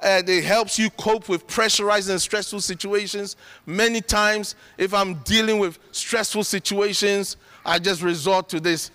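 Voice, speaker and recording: A man's voice: high-pitched, fairly even intonation, moderate pace, few pauses, pushed and bright. A middle-aged man preaching a sermon in an earnest, conversational way, with emphatic bursts. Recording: long reverb of a large hall.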